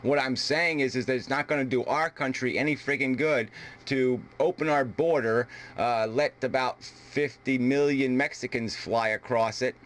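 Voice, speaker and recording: Man, American, ranting, profane, combative, mid-pitched voice. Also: normal speed, fairly bright tone. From United States. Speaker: video debater. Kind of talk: heated argument.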